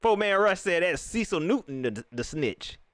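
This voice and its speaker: A man hosting a live reaction stream, ranting in an animated way and talking straight to his viewers. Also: sits high, moderate pace, no echo, clean studio sound.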